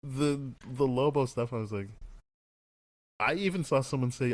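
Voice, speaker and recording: A man's voice: mid-range voice, expressive, normal speed, pauses often, dry recording. A man co-hosting a casual movie review podcast, rambling and laughing as he acts out quotes. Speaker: podcast co-host.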